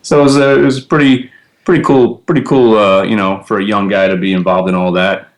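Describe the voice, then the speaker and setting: A man's voice: on the low side, fairly quick. A man, telling stories with lots of fillers and laughs as a podcast guest. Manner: animated, laughing storyteller with many fillers. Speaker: guest, trader and comedian. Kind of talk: casual storytelling interview.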